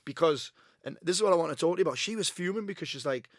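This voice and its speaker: A man hosting a podcast, chatting in a relaxed, agreeable way and laughing easily. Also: fairly high pitch, very fast, dry recording, studio quality. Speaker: podcast host. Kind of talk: casual chat.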